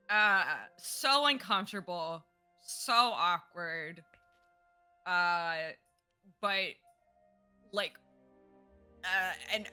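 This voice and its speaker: A woman describing her character in a tabletop game, halting and hesitant with fillers. She talks very slowly in a bright voice. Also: medium pitch. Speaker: player.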